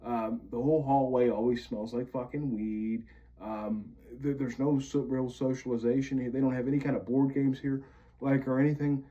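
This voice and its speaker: A man's voice: mid-range voice, fairly even intonation, moderate pace, dark tone. Vlogger, man from Pennsylvania, angry profane monologue, muffled lo-fi audio. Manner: bitter, profane ranting. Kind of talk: venting monologue to camera.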